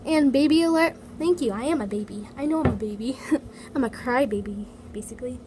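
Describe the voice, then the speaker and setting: Brisk and high-voiced, this toy vlogger reads comments in a casual basement chat at home, full of "like" and "so yeah" fillers. She uses an iPad mini, and the home recording is noisy, with a heater running and humming behind her.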